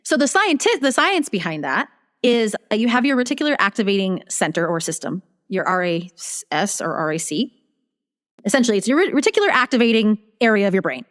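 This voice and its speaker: A woman's voice: medium pitch, fairly quick, in a large hall. A woman guest on a casual interview, telling her story animatedly and acting out her own thoughts. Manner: animated, acts out her own inner dialogue. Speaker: guest business strategist.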